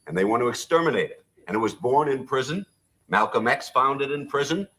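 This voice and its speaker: A man's voice: mid-range voice, animated, fairly quick, a bit bright. Scornful guy on a tv talk show, voice swoops up and down, keeps cutting in. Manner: scornful, accusing, interrupting. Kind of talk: heated archival TV debate.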